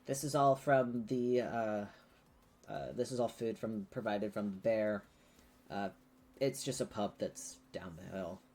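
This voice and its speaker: A man's voice: lowish voice, measured pace, a little mellow. A man voicing a stiff, polite male host welcoming guests in a tabletop game.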